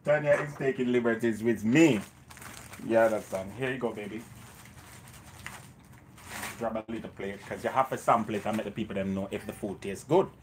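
A man's voice: lowish voice, normal speed, long pauses, a little hiss or hum. A man with a Jamaican accent hosting a cooking livestream, chatting casually with viewers and slipping into patois. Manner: banters with viewers, slips into patois.

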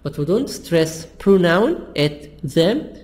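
Guy teaching english, kinda high voice, slow, keeps repeating stuff. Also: sing-song, darkish tone. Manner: slow, repetitive explaining with simple phrasing. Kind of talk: classroom language lesson.

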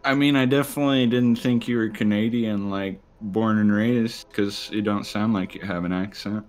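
A young man from New York, relaxed and a little confused as he talks with friends. His voice sits low, and he speaks in an easy, unhurried way. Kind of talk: casual chat.

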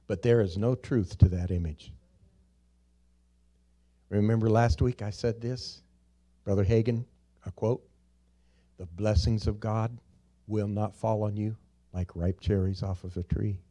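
A man preaching a church sermon, slowly drawing out key words, rising to loud emphatic peaks and dropping to quiet, low stresses. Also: fairly even intonation. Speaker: pastor. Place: church sanctuary.

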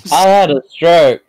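Slow-talking New Zealand man. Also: on the high side, dark tone, no room sound, rough recording. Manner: laughs often, swears casually. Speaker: player. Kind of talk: casual chat during a tabletop game.

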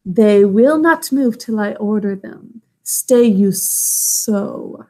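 A woman voicing a huge, powerful python who speaks slowly and with command in a storybook reading. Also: mid-range voice, expressive, warm tone. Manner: slow, drawn-out hiss.

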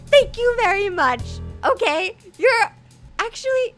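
A woman's voice: very high voice, very animated, normal speed, bright, forceful tone, soft background music. A young woman hosting a gaming channel, chatting and playing in a bubbly, dramatic, mock-offended way. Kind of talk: casual gaming commentary.

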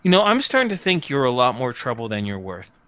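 A game master putting on a prim, snooty young man in a tabletop game, scolding in a bright, sharp voice that leaps high when he is startled. He sighs with exasperation and the room sounds dry and close. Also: big pitch swings, a little fast, no echo. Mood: stern. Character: snooty skinny young man, flustered and stern.

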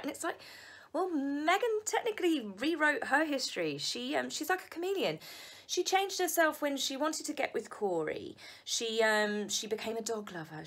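Sarcastic woman with a lively voice. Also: medium pitch. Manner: sarcastic, scornful, chatty with frequent ums. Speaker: royal gossip commentator. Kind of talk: opinionated solo commentary.

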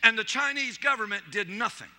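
A man's voice: very high-pitched, a little fast, pushed and bright. A middle-aged man, a pastor, preaching a sermon and telling humorous stories with acted-out quotes. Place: church.

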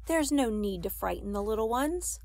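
Woman playing a quiet, composed mother. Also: a little high, animated, moderate pace, no echo. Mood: pleading. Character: calm, protective mother.

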